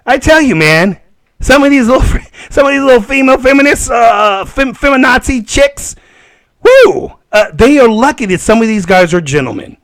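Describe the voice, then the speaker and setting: A man hosting a solo podcast, ranting in an animated way and laughing often. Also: very high-pitched, moderate pace. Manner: animated and laughing, acts out voices. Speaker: podcast host.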